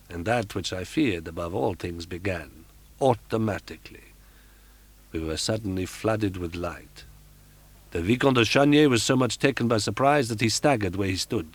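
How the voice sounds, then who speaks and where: A man narrating a classic novel in a measured, theatrical audiobook reading from an old cassette. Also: lowish voice, slightly rough, dry recording. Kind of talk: scripted narration. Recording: dry 1980s cassette audiobook.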